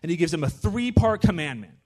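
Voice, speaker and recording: A man giving a casual, conversational sermon in a church, chatty and animated, often checking in with his listeners. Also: a little high, fairly quick. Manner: chatty, animated, with frequent "right?" asides. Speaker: guest preacher.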